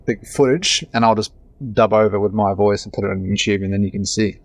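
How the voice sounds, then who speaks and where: Talking fast in a fairly even, lowish voice, a thirty-something Australian man who acts rambles chattily as a podcast interview guest, often restarting his sentences. The recording is dry.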